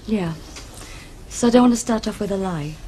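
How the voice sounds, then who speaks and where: An actress playing a subdued young woman in a soap opera. She speaks quietly. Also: mid-range voice, moderate pace, a little hiss or hum, lightly acted.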